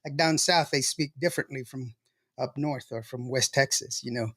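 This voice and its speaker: A man's voice: mid-range voice, normal speed, fairly bright tone, slightly rough. A man hosting a casual show, chatty and laughing often as he tells stories. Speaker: show host. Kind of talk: casual livestream chat.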